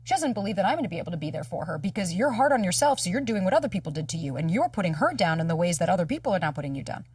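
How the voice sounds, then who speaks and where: A woman in her thirties, a dating coach talking candidly, quick and emphatic, swearing freely and acting out the lines of people she quotes. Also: fairly low pitch, sing-song, a little mellow, husky, no room sound, far from the mic. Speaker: dating coach, podcast guest.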